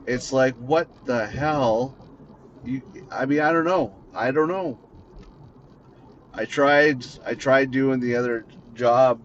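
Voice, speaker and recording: Man from Canada, podcast host, angry profane rant from the driver's seat; dull lo-fi audio with faint car noise. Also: mid-range voice. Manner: angry, profane, repetitive ranting. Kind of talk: unscripted ranting monologue. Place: inside a car, driving.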